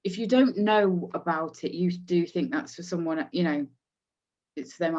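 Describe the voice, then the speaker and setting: Relaxed woman host, muffled lo-fi audio. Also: fairly low pitch, normal speed. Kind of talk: casual chat.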